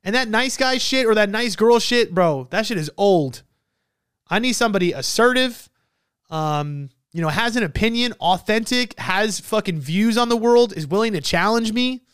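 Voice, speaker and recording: A man's voice: sits high, lively intonation, normal speed, fairly bright tone, clean tone, no echo, studio quality. A young man hosting a casual podcast, reacting to listener comments with profane, emphatic talk. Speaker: podcast host.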